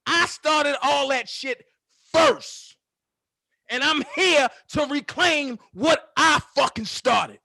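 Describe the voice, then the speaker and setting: A man with a strikingly high voice hosts his own commentary stream, firing off a heated, profane call-out. He taunts and repeats his jabs for emphasis, recorded close and dry with no room sound. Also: lively intonation, slow pace, vocal fry, pushed and bright, no echo. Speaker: commentary channel host. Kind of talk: confrontational call-out rant.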